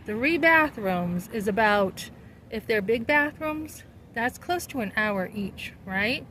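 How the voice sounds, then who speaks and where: A woman's voice: fairly high pitch, lively intonation, slow pace, fairly bright tone, slight background noise, rough recording. Indignant middle-aged woman telling a story. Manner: indignant, rambling and emphatic. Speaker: vlogger. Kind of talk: casual storytelling vlog.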